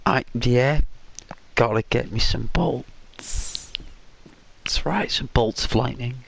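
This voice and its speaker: A man from the north of England chatting slowly with viewers while he plays a game, in a meandering, relaxed way. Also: mid-range voice, creaky, a little hiss or hum. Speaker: gaming streamer. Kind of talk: relaxed live gameplay commentary.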